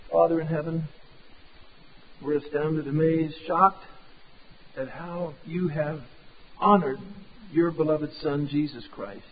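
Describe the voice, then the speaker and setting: Male preacher, raised voice with a rasp, lo-fi narrow recording, emphatic sermon delivery. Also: a little high, steady tone, slow pace, long pauses. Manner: emphatic, drops to a hushed tone for prayer. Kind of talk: sermon with closing prayer. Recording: phone-like lo-fi recording.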